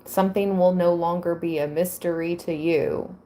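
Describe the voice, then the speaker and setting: A woman giving a tarot reading to her viewers, reading aloud and musing with soft exclamations. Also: fairly low pitch, steady tone, moderate pace. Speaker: tarot reader.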